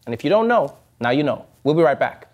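A man with a fairly high voice hosts a comedy show, reading scripted jokes and laughing along with them. A faint ambient hum sits under his voice. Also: very animated, quick pace, a crowd in the background. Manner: joking, laughing between punchlines.

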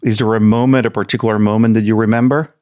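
A middle-aged man hosting a podcast, asking measured, inviting interview questions. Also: lowish voice, little pitch movement, darkish tone, no room sound, clean studio sound. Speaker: podcast host.

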